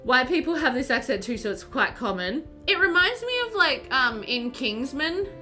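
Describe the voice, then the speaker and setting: Bright, lively woman streamer. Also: high voice, normal speed, soft background music. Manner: animated, laughs often, chatty asides to viewers. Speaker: game streamer. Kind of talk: casual live-stream chat while playing.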